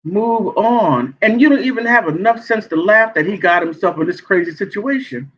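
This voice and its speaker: High, animated man dishing gossip. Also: fairly quick. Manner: sassy, animated, laughs often. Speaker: celebrity gossip vlogger. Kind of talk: casual commentary. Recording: dull lo-fi sound.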